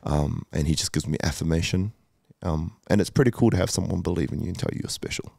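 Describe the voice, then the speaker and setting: A man's voice: low-pitched, fast, creaky, darkish tone, dry recording, studio quality. A man in his thirties, a podcast guest, telling his story candidly and emotionally, with lots of swearing, fillers and restarts. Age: 30s.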